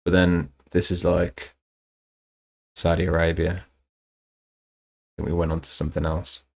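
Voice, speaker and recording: A man's voice: sits low, level tone, unhurried, gravelly. A man bantering sarcastically on a live stream and reading out chat messages. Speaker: streamer co-host. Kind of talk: casual chat.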